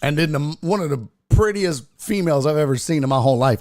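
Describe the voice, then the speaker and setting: A man's voice: fairly high pitch, animated, quick pace, a little mellow. A man hosting a sports stream, telling a story with lots of cursing and quoted voices. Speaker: sports show host. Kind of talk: casual livestream chat and storytelling.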